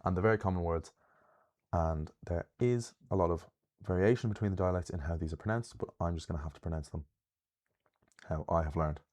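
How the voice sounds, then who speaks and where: Deep, mellow-voiced man teaching pronunciation. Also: steady tone. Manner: careful, deliberate, slowing down to pronounce words. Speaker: Irish language teacher. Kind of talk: explanatory language lesson.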